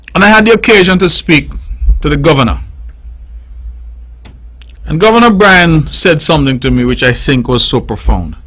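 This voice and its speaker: A man's voice: high-pitched, a bit bright, rough recording. A middle-aged man with a Nevisian accent, hosting radio call-in commentary in an emphatic, repetitive, preaching way on a studio microphone. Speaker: radio talk show host.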